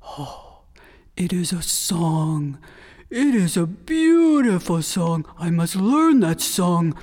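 A woman voicing a greedy, menacing male coyote, talking low, slow and drawling with threats. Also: sing-song, darkish tone, exaggerated voice. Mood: coaxing. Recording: long hall reverb.

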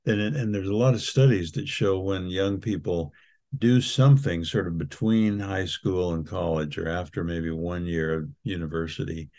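A man's voice: low voice, fairly even intonation, normal speed, darkish tone. An older man co-hosting a podcast, talking in an earnest, reflective way with frequent restarts. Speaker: podcast co-host. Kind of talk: casual reflective chat.

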